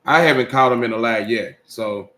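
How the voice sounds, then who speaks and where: A man's voice: mid-range voice, normal speed, sharp tone. A man hosting, reading a viewer comment and talking to the audience in an earnest, conversational way. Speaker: host. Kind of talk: casual commentary.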